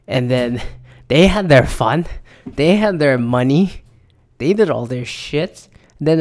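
A man's voice: mid-range voice, a little mellow. A young man hosting a podcast, in a rambling, profane, exasperated monologue. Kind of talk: casual ranting monologue.

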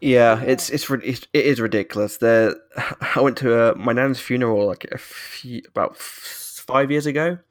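A man's voice: mid-range voice, moderate pace. Wry British man, joking. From Britain. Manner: wry, joking, laughs while talking. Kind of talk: casual chat.

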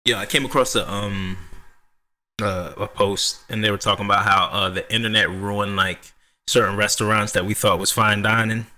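A man's voice: on the low side, fairly even intonation, normal speed, bright, forceful tone. Joking young man saying "yo". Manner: slangy, joking, says "yo" a lot. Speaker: podcast co-host. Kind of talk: casual chat.

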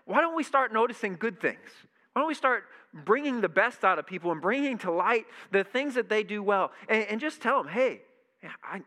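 Bright-voiced man preaching with emphasis. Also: high-pitched, moderate pace. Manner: animated, emphatic preaching with repeated phrases. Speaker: pastor. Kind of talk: sermon.

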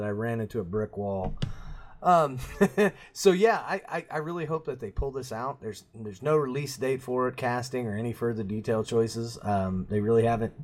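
A man's voice: medium pitch, a little hiss or hum. A middle-aged man chatting casually as a podcast co-host, rambling and self-mocking, laughing at his own jokes. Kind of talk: casual chat.

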